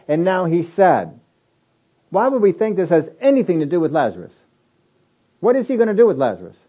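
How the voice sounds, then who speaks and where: A man preaching a sermon, animated and acting out the reactions he quotes. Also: high voice, muffled recording. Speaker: pastor.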